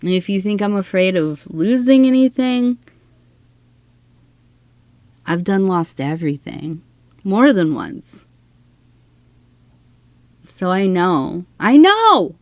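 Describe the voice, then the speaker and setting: A woman's voice: lowish voice, slow, long pauses, darkish tone, no room sound, lo-fi sound. Earnest woman giving a tea leaf reading. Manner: earnest, heartfelt, talks straight to viewers. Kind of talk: casual spoken reading to viewers.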